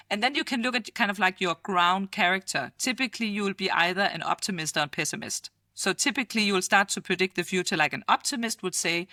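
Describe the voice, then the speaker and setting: Middle-aged Danish woman, animated guest, crisp bright tone, dry close sound. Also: medium pitch, fast talker, few pauses, no room sound. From Denmark. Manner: lively, laughs often, acts out quoted voices. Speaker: futurist guest. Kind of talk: casual interview chat.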